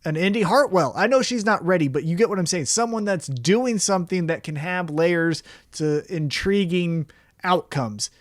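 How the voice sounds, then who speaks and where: A man with a high voice co-hosts a laid-back wrestling review podcast at a moderate pace, swearing freely and animatedly acting out quotes in a raised voice. The studio-quality sound has no echo.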